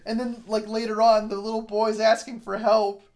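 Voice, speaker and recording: A man's voice: sits high, little pitch movement, normal speed, a little mellow. A man co-hosting a casual movie review chat, sarcastic and crude, laughing often. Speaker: podcast co-host.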